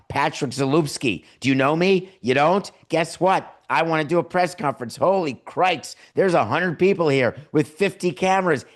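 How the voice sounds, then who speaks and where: A man voicing a giddy, self-satisfied new team owner who is newly rich, talking in an excited, boastful way from his home studio. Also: medium pitch, close to an everyday voice.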